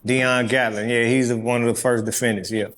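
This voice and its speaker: A man's voice: medium pitch, flat delivery, a little fast, fairly bright tone. A man as an interview guest, telling a story in a laid-back, slangy way, full of street talk and profanity.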